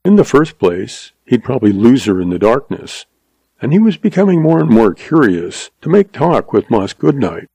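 A man giving steady, measured scripted narration of a western audiobook. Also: mid-range voice, gravelly, slightly rough, dry recording.

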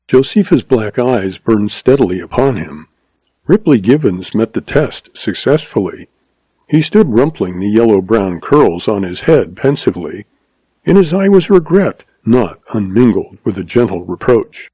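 A man reading a story aloud in measured, scripted narration. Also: lowish voice, very animated, mellow, slightly rough, no echo, low-quality recording. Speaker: audiobook narrator.

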